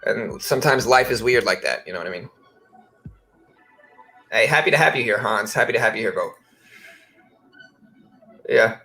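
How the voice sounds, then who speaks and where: Guy in his 30s w faint louisiana accent, bright voice, rambling casual stream chat, little music in the back. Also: medium pitch, lively intonation, moderate pace, gravelly, pauses often. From Baton Rouge, Louisiana. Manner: rambling, laid-back, says "bro" and "you know". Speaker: trading livestream host. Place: home office.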